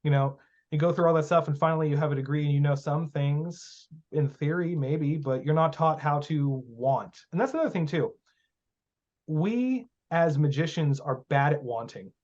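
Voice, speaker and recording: A man's voice: fairly high pitch, normal speed, darkish tone. A man talking as a guest teacher of magic in a casual podcast interview, blunt and profane, telling stories with emphasis. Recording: muffled lo-fi audio.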